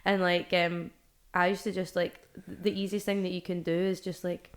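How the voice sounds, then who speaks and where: A woman's voice: on the low side, level tone, normal speed. Rambling young Scottish woman. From Scotland. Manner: rambling, many fillers and restarts. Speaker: guest musician. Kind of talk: casual podcast chat.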